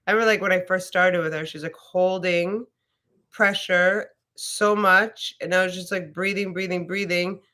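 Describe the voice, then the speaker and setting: A woman's voice: lowish voice, steady tone, moderate pace, bright, forceful tone. A woman teaching a casual live yoga class, chatty and rambling, swearing freely as she talks.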